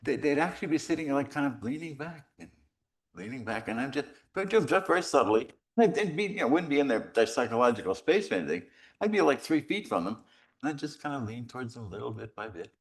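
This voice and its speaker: A middle-aged man, a priest, giving a rambling, animated retreat talk full of stories and self-deprecating humor. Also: mid-range voice, fast. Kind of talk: conversational retreat conference, storytelling.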